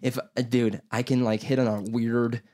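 A young man hosting a podcast, telling stories in casual chat, rambling, swearing freely and breaking into loud impressions. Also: mid-range voice, little pitch movement, normal speed. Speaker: podcast host.

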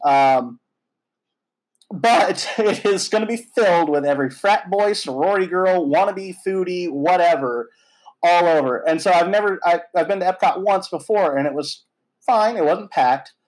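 A man in his thirties hosting a casual chat, telling a story in a lively, animated way with lots of fillers and some swearing. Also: sits high, normal speed, poor audio. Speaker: podcast host.

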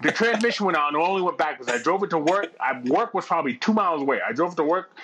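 A middle-aged man telling a long anecdote in casual chat, profane and animated, laughing as he goes. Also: fairly high pitch, racing, crowd noise.

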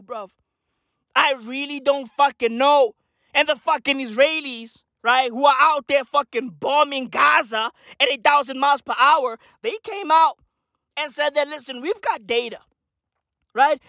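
A man doing a loud, profane comedic rant, swinging between shouting and muttering. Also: extremely high pitch, no echo, studio quality. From South Africa. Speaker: comedic ranter.

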